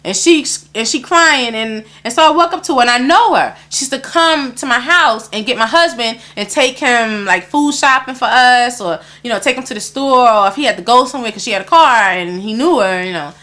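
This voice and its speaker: A woman guest in an interview, telling a story in casual talk, animated and acting out other people's lines, swearing often. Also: on the high side, fairly quick, hardly any pauses.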